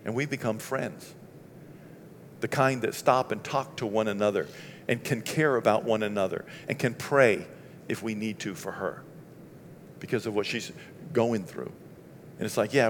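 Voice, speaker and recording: A middle-aged man from Maine preaching in a conversational, animated storytelling style, acting out the dialogue as he goes. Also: on the low side, big-room sound, slight background noise. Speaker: pastor. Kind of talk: storytelling sermon.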